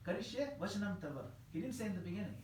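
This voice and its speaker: A man giving a scripture class in a temple hall, animated and emphatic, laughing at his own examples. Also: sits high, rapid-fire, slight background noise. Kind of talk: scripture class lecture answering questions. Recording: echoey hall with faint ambience.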